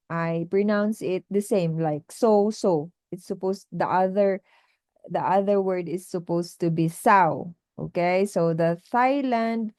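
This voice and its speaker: A woman's voice: lowish voice, warm tone, clear, resonant tone, dry recording. A woman tutor talking through her teaching interview in a casual vlog, hesitant with many fillers and restarts. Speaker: online English tutor.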